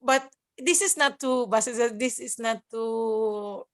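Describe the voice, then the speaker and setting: Slow, halting Filipino woman guest. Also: on the high side. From Philippines. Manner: halting, mixes English and German, laughs through tears. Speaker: guest, nurse working abroad. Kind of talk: emotional podcast interview.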